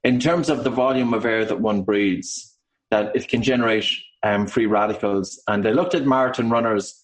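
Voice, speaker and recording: A man with an Irish accent, an author and breathing coach, explaining his subject in a measured way during an interview. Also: on the low side, low-quality recording. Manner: measured, explanatory, with occasional ums.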